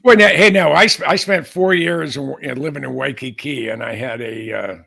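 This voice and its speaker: An older man from the San Francisco Bay Area with a heavily gravelly, husky voice that still rings bright and forceful. He co-hosts a casual chat and rambles through his stories, restarting his sentences again and again. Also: mid-range voice, normal speed. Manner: rambling storyteller with many restarts. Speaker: co-host, aviation author.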